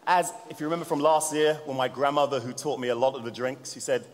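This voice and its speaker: A man's voice: mid-range voice, fast. Chatty man presenting in a reverberant hall. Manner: jokey, chatty, addresses the audience. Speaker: bartender presenting a seminar. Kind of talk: live cocktail demonstration talk. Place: seminar room at a bar trade show.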